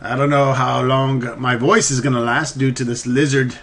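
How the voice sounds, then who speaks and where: A man's voice: medium pitch, fairly even intonation, normal speed, creaky, fairly bright tone. Joking man narrating a game playthrough. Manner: loose, profane, joking. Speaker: let's play host. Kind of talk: casual gameplay commentary.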